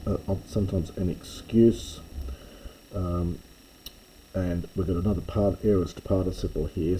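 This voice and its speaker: A man teaching, working through a Greek text line by line in a methodical way, often pausing to restate and correct himself. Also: low-pitched, warm tone, slight background noise, rough recording.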